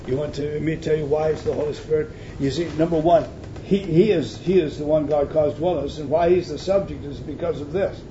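Guy preaching a sermon, emphatic, goes loud then hushed, slightly high voice, faint hum behind. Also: fairly even intonation, a little fast, lo-fi sound. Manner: emphatic, teaching, swings from loud to quiet.

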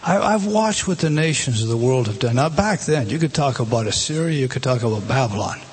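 A man's voice: mid-range voice, animated, brisk, a little hiss or hum. Man, preacher, sermon, emphatic delivery, repeats words, mid-range voice.

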